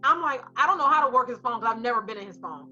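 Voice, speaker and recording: A woman co-hosting a casual chat, telling a story in an animated way and acting out the voices of the people in it. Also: a little high, rapid-fire, faint music behind. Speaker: co-host. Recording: slightly muffled recording.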